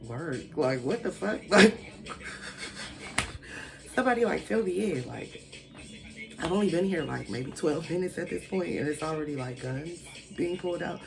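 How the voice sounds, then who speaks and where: Chatty, animated storytime vlogger. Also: medium pitch, moderate pace, vocal fry, long pauses, music in the background. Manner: chatty, swearing, frequent "like" fillers; animated, acts out quoted people. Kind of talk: casual storytime monologue.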